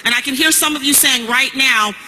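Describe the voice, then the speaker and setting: A woman giving a motivational stage speech as a network marketing speaker, emphatic and punchy, building to shouts. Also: high-pitched, brisk, big-room sound, slight background noise, poor audio.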